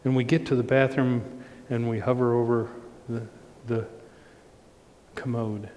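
Middle-aged male pastor, unhurried heartfelt storyteller, church reverb. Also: mid-range voice, fairly even intonation, a little mellow. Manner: slow, earnest storytelling with restarts. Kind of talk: sermon with personal story. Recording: long reverb, faint noise.

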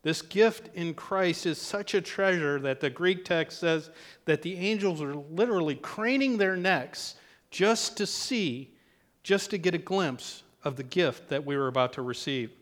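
Male pastor, sermon, fairly high voice, easygoing with jokes, church hall reverb. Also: a little slow, a bit bright. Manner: conversational with joking asides.

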